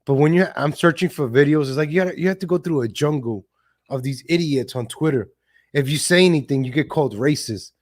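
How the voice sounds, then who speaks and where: A man's voice: fairly high pitch, a little fast. A man hosting a live stream, giving blunt, casual political commentary with cursing and frequent laughs. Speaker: livestream host.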